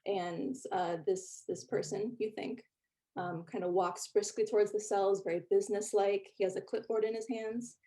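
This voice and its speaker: A woman narrating a tabletop game as game master, relaxed, with frequent fillers. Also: medium pitch, moderate pace.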